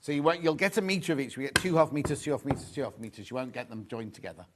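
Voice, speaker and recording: Hosting a live shopping show, a man talks quickly in a medium-pitched voice over background noise. He's chatty and gushing, repeating phrases as he shows off fabrics in his sales chat.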